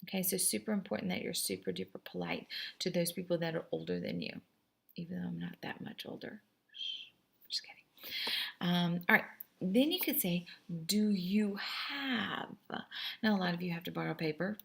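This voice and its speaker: Hoarse, gravelly woman teaching French. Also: fairly low pitch, lively intonation, fairly bright tone. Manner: chatty, teasing, slows down to model French phrases. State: going a little hoarse. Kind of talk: classroom lesson recorded for students.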